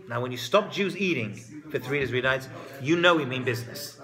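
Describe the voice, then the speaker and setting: A man giving a lively lecture that retells a biblical story, talking conversationally and dropping joking asides. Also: mid-range voice, fairly quick, a crowd in the background. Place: live talk before an audience. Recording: live talk with audible audience.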